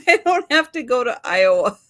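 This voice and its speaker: A woman's voice: fairly high pitch, sing-song, normal speed, fairly bright tone. A woman guest in a casual live chat, dry and teasing.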